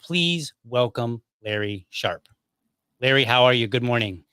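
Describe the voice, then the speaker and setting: A man hosting a podcast, talking in a relaxed, chatty way and leaning on filler phrases. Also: mid-range voice, a little slow, clear, resonant tone, no room sound, studio quality. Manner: relaxed, chatty, many "you know" fillers. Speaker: podcast host. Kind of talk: casual conversation.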